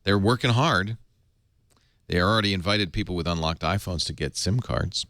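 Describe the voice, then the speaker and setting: A man's voice: sits low, moderate pace, a bit bright, no room sound, clean studio sound. A man hosting a tech podcast, chatting casually and reading an ad, jokey and laughing often. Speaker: podcast host. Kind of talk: casual tech podcast chat and host-read ad.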